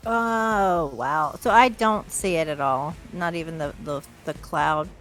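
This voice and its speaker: A woman's voice: deep voice, unhurried, faint music behind. A woman playing a tabletop game, thinking aloud as she works out her turn. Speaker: player. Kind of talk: casual tabletop game chat.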